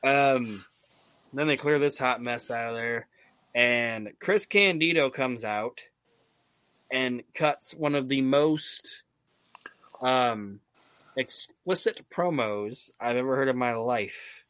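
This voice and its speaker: Male podcast host, mid-pitched, swearing and rambling with excitement, dry close sound. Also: takes it slowly, no room sound. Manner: profane, enthusiastic, rambling with restarts. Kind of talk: casual wrestling podcast chat.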